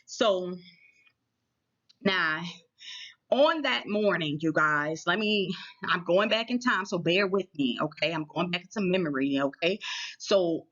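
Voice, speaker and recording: A woman's voice: fairly low pitch, measured pace, pauses often, fairly bright tone, dull audio. A woman telling a personal story to her viewers in a casual, chatty way, often checking in with them as she goes. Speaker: vlogger.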